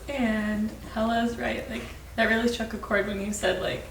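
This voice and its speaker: A woman's voice: fairly high pitch, level tone, moderate pace. A woman giving an emotional, gushing birthday tribute to a friend. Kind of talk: emotional casual chat. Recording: echoey room, far mic, background noise.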